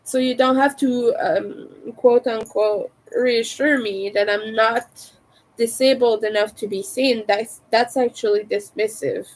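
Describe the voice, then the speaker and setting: French-accented woman streamer, unhurried, slightly high voice, crisp T's. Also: steady tone, poor audio. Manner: carefully overpronounces her T's. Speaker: crochet livestreamer. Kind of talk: casual livestream chat.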